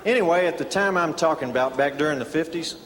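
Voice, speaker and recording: A man telling a folksy tall tale as stand-up comedy, deadpan, with many drawn-out "uh"s. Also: fairly high pitch, a crowd in the background, noisy background. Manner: deadpan folksy storyteller with filler "uh"s. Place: live comedy stage before an audience. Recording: reverberant live hall, audience laughter.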